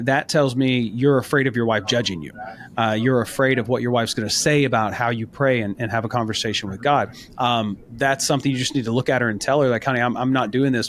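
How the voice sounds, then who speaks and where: A man's voice: mid-range voice, fast, fairly bright tone. A man co-hosting a men's faith podcast, talking in an earnest, encouraging way and telling stories from his experience. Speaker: podcast co-host. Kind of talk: casual faith podcast talk.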